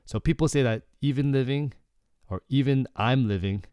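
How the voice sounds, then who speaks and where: A man teaching Korean through song lyrics in a relaxed, explanatory way, often checking in with "okay" and filling with "like". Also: medium pitch, normal speed, clean tone, no echo, studio quality. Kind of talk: casual lyrics breakdown lesson.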